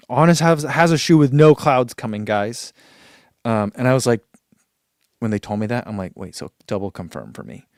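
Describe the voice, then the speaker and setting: A man's voice: medium pitch, darkish tone. A man chatting casually on a vlog, rambling through running shoe thoughts and reading viewer comments aloud.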